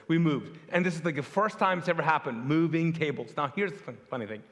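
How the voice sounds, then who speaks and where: A middle-aged man from Pakistan preaches in a loose, conversational way, acting out the voices in his stories with self-deprecating humor. His voice sits fairly high for a man. The sound carries a long reverb from a large hall. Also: fast, few pauses. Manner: animated storyteller, acts out quotes, self-deprecating humor. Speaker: pastor.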